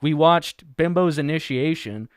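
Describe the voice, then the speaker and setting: Male stream host, crude and laughing, slightly high smooth voice, dry mic. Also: measured pace, dry recording. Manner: laughing, crude, reading chat and video text aloud. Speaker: livestream host. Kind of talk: satirical livestream commentary.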